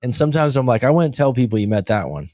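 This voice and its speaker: A man's voice: mid-range voice, big pitch swings, fast, darkish tone, no echo. A man hosting a coaching show, chatting loosely on a livestream, joking and reading viewer comments aloud from a room abroad. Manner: rambling, jokey, reads chat aloud. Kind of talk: casual livestream chat. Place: room by street windows, abroad.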